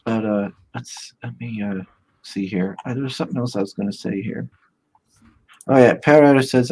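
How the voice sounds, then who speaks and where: A man's voice: mid-range voice, moderate pace, darkish tone, husky. A man co-hosting a casual online show, reading out chat messages, rambling and laughing often. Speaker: podcast co-host reading chat.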